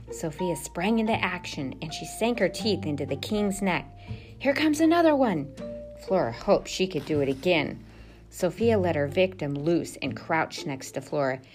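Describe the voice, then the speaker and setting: A woman narrating a children's storybook aloud in an expressive, steady manner. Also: sits low. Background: music.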